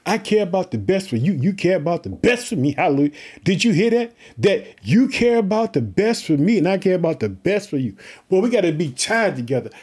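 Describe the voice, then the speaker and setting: Man, high voice, pumped-up online preacher, hallelujah-filled sermon. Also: slightly rough. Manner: excited, repeats "family" and "hallelujah", Southern-style "y'all". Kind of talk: online sermon with prayer and Bible reading.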